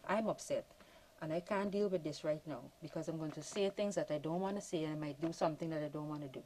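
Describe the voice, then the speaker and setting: A woman calmly explaining parenting points on a panel. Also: sits low, quick pace, slight background noise, poor audio. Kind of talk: panel discussion.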